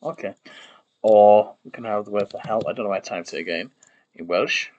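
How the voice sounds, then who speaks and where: This lo-fi clip features a man with a lowish, darkish voice talking fairly quickly. He's a streamer working on a made-up language, muttering and reasoning aloud at his desk, trailing off and correcting himself as he goes. Keyboard typing and clicks carry on behind him.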